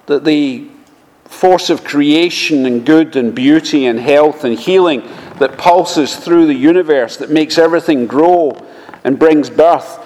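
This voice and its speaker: A man preaching a sermon, speaking slowly and measuredly, often quoting scripture. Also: fairly high pitch, darkish tone. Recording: long reverb of a large hall.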